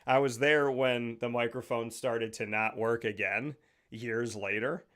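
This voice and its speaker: A man's voice: medium pitch, steady tone, measured pace, fairly bright tone. A man hosting a show, telling stories in a rambling, digressive, joking way into a studio microphone. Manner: rambling, digressive, jokey storytelling. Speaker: show host. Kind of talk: casual talk-show monologue.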